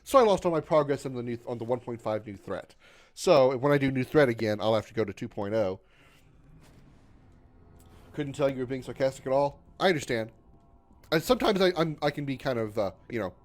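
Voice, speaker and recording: A man in his thirties talks loosely to his stream while he plays. He is sarcastic, swears freely, reads viewers' messages aloud, and yelps loudly when his character is in danger. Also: mid-range voice, expressive, fairly quick. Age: 30s. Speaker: gaming livestreamer. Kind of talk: casual gaming stream chat.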